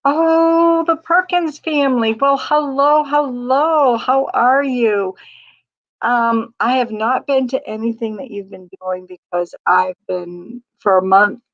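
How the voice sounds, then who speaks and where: An older woman from Maine chats away on a home livestream, reading out viewer comments and wandering into long stories. Her voice sits at an ordinary middle pitch. The audio is dull and lo-fi, like a phone or webcam mic. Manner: chatty, reads viewer comments aloud, rambling storytelling. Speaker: livestream host. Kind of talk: casual livestream chat.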